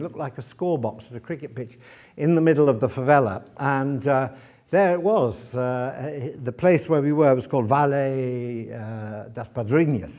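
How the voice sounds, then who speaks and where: A man speaking as a guest author at a library event, telling lively travel anecdotes to an audience, with many fillers and restarts. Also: mid-range voice. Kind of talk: anecdotal talk to a live audience.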